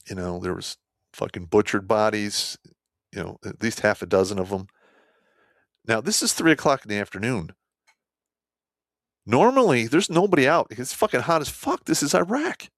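Blunt, profane man with a dry close sound. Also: dry recording. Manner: animated, swings between loud outbursts and low asides. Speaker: army veteran telling a war story. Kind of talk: casual storytelling.

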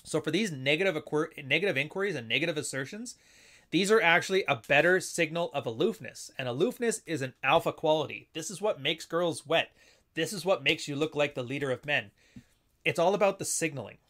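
A man's voice: on the high side, animated, brisk, a bit bright. A man giving casual, unscripted commentary, often acting out little dialogues in shifting voices. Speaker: commentator explaining assertiveness techniques.

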